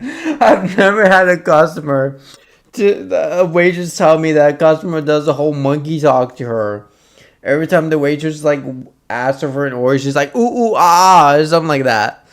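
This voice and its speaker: Laughing, swearing male streamer. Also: a little high. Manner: laughs often, swears, animated storytelling. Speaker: streamer reacting to videos. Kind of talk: casual reaction commentary.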